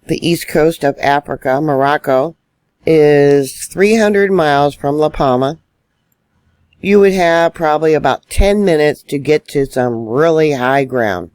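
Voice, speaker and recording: A man's voice: fairly high pitch, slow, long pauses, a little mellow, smooth, dry recording. A man giving solo online news commentary, indignant and emphatic as he stresses warnings.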